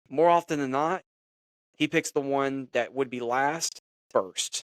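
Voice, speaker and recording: A man hosting a faith and sports podcast, speaking in a conversational, animated way as he acts out quoted dialogue. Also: medium pitch, measured pace, no room sound. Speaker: podcast host. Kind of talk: devotional podcast monologue.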